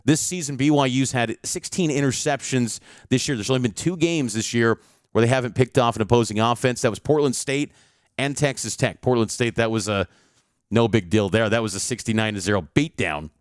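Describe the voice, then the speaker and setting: A man's voice: medium pitch, fairly quick, clean tone, no room sound, clean studio sound. A male sports reporter giving a confident, stat-heavy preview of a college football game.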